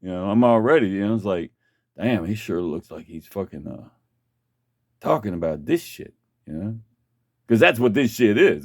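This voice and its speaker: A man's voice: mid-range voice, a bit bright, no room sound, studio quality. Rambling, profane storytelling man. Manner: profane, rambling, restarts a lot.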